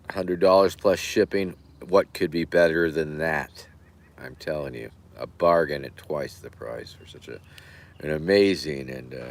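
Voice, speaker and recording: A hoarse man hosting a livestream, rambling in deadpan jokes with plenty of fillers. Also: low-pitched. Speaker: livestream host. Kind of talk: casual stream chat.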